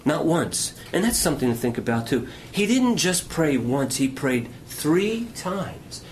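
A man delivering an impassioned sermon. His voice sits high and swings widely in pitch, rising on emphatic lines and dropping to hushed near-whispers. A faint room ambience hangs behind him. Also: big pitch swings, a little slow, slight background noise. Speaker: pastor.

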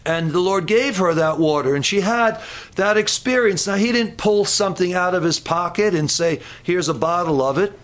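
A man's voice: sits high, moderate pace, a bit bright. A man preaching a sermon, telling a Bible story with repeated words and quotes.

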